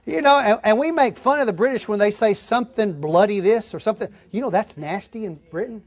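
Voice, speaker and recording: A man with a Texan accent preaching a folksy, animated sermon, slowing down to stress key words. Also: sits high, a faint crowd. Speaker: pastor.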